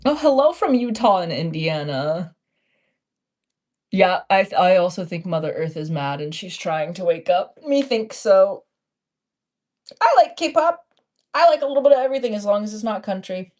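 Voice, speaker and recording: A woman's voice: medium pitch, expressive, normal speed, darkish tone. A young woman with a Texan accent, chatting playfully on a casual live stream while she crafts and talks to her viewers. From Texas.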